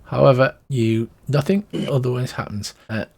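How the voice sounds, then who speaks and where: A man running a tabletop game as its game master, talking in an easygoing, rambling way. His voice sits at an ordinary middle pitch, with plenty of fillers and quick restarts as he narrates and checks the rules.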